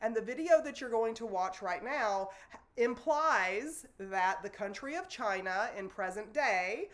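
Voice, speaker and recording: A woman's voice: on the high side, lively intonation, a little slow, fairly bright tone. A woman, teaching a sociology lesson to students in a loose, conversational way with fillers and self-corrections. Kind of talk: recorded classroom lecture. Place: classroom in front of a board.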